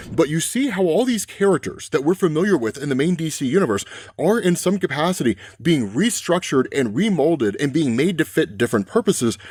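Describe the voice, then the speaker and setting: A man's voice: a little high, a little mellow, no echo, studio quality. A man giving a casual, conversational comic book recap and often tossing in rhetorical questions. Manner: conversational, frequent rhetorical "right?".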